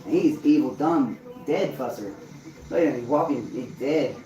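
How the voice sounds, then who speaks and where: A man's voice: mid-range voice, expressive, moderate pace, dark tone, lo-fi sound. A man rambling on a live stream, swearing and laughing to himself, heard from far off in an echoey room. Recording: echoey room, mic far off, crowd noise.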